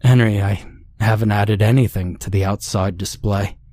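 A man's voice: fairly low pitch, fairly even intonation, normal speed, warm tone, lightly acted. A man voicing a nervous young man in a horror story, who stammers and hesitates.

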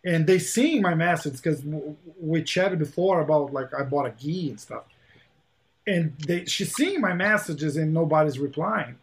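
A man hosting a casual podcast chat, fairly high-pitched and animated. He tells stories with gusto, acting out quoted exchanges and repeating words as he gets excited. His talk is loose and peppered with swearing. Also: moderate pace, slight background noise. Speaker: podcast host.

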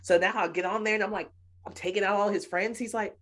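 A woman's voice: medium pitch, fairly even intonation, fast. A middle-aged woman, a podcast guest and speaker, telling family stories animatedly and laughing often. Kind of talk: casual interview chat.

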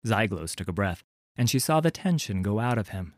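Brief: lively, expressive male audiobook narrator, lowish voice, dry close sound. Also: no room sound. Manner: measured, expressive storytelling.

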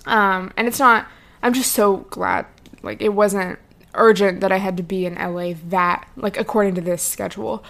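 A woman's voice: medium pitch, fairly even intonation, moderate pace, fairly bright tone. Chatty young woman telling a story. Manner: chatty, lots of "like" and "um", swears freely. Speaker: podcast host. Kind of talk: casual storytelling monologue.

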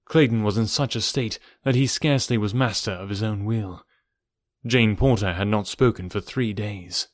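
A man reading a novel aloud as narrator, in a measured, somber way. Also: on the low side, no echo. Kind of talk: audiobook narration.

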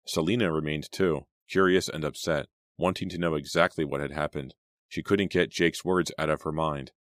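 An audiobook narrator with a very deep voice and fairly even intonation tells a teen horror story in a deliberate, suspenseful manner. The recording is dry and close, with no room sound.

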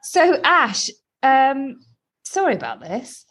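A woman's voice: high voice, very animated, slow pace, fairly bright tone. A woman co-hosting a podcast, chatty and giggly, joking at her own expense over a video call. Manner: chatty, giggly, self-deprecating. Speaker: podcast co-host. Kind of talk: casual chat.

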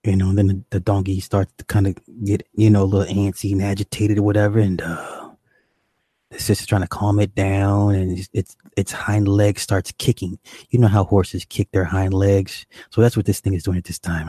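A man's voice: deep voice, level tone, moderate pace, dark tone, breathy edge, no echo. A young man doing stand-up, telling a crude story in a profane, exasperated, rambling way. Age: young adult. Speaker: stand-up comedian.

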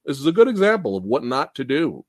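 Animated, foul-mouthed man ranting. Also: mid-range voice, quick pace, no room sound. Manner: animated, profane, ranting with big laughs. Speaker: host. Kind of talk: casual podcast chat.

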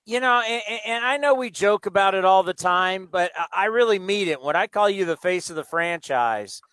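A man's voice: high-pitched, lively intonation, moderate pace, a bit bright, smooth, no room sound. A man in his fifties hosting a sports radio show, talking earnestly with emphatic repeats. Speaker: radio host. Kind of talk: casual radio chat.

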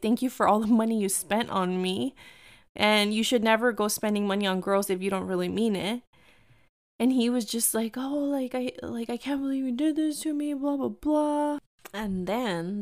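A young woman casually telling a dating story, chatty and full of "like", acting out quoted lines in a higher voice. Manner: chatty, fillers "like" constantly, acts out quotes in higher pitch. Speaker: storyteller sharing dating experiences.

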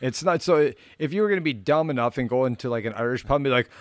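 A man's voice: mid-range voice, lively intonation, fast, no room sound, studio quality. A man co-hosting a casual podcast, telling stories in a chatty way with plenty of filler words. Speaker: podcast co-host. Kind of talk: casual banter.

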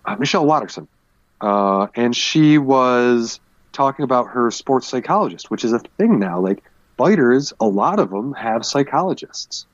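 A former MMA fighter talking candidly in a casual podcast conversation, rambling through stories with many fillers. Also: male voice, mid-range voice, expressive, normal speed, no room sound, muffled recording.

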